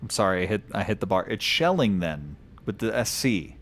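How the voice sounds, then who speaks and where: A man's voice: lowish voice, animated, brisk, fairly bright tone, soft background music. A man streaming a video game, reading lore aloud in a casual way, stumbling over odd names and chuckling.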